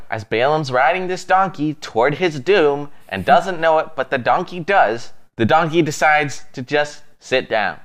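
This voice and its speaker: A man co-hosting a casual Bible teaching, retelling scripture as a lively, amused storyteller. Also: a little high.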